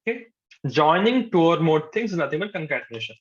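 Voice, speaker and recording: A man's voice: on the high side, lively intonation, racing, fairly bright tone. A male programming instructor, giving a live coding lecture to a class. He repeats his points patiently and says "okay" often. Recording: dull lo-fi sound.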